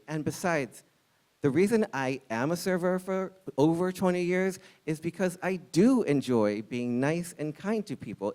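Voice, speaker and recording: A man in his forties tells a personal story live, with a candid and wry comic touch. His voice sits a bit on the higher side, and his punchlines land with dry timing. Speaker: storyteller and restaurant server.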